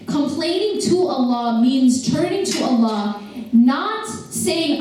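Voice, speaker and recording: A woman's voice: high voice, animated, takes it slowly, mellow. A woman giving a religious lecture to a live audience in a conversational way, often putting direct questions to the listeners. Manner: conversational, with casual slang. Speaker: Islamic lecturer. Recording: echoey hall, voice picked up from a distance.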